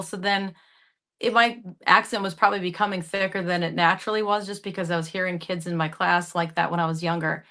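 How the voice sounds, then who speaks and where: A young woman from the Upper Midwest speaks with a bright, clear tone and a regional accent. She chats animatedly as an actress guest in a radio interview, laughing often as she talks. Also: fairly low pitch, a little fast. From Upper Midwest, Michigan. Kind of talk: casual interview chat.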